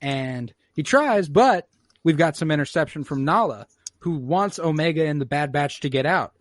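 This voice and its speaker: A man's voice: fairly high pitch, expressive, normal speed, dry recording, studio quality. A man hosting a podcast, casually recapping an episode in a laid-back, profane way and acting out the characters' lines. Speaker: podcast host.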